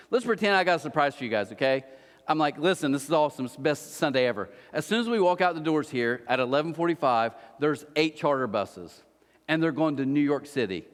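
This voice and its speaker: A man preaching a sermon as pastor, telling stories with energy and acting out the voices of the people in them. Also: a little high. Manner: animated storytelling, acts out voices. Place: large church hall. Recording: reverberant church hall.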